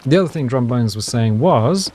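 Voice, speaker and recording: A man's voice: medium pitch, lively intonation, moderate pace, darkish tone, a little hiss or hum. A man hosting a survival game let's play, chatting casually and rambling with hummed asides as he plays. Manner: chatty, rambling, hums and asides while playing. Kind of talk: casual gameplay commentary.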